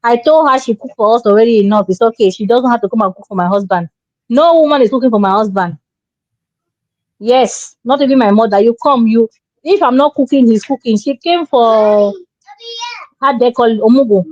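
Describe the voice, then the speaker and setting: Woman, co-host type, preachy and emphatic, slightly high voice, dull lo-fi dry sound. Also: fairly quick, darkish tone, no room sound. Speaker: relationship show co-host. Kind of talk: opinionated advice talk.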